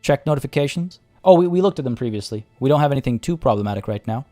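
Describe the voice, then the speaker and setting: A man streaming a strategy game live, talking through his choices out loud and chatting with his viewers. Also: mid-range voice, animated, fast, soft background music. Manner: chatty, reads chat aloud and thinks out loud.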